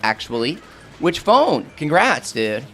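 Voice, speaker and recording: A man's voice: fairly high pitch, sing-song, slow, fairly bright tone, soft background music. A man streaming a game live, chatting casually with his viewers and answering their questions while he has the hiccups. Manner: chatty, self-deprecating, answers chat questions.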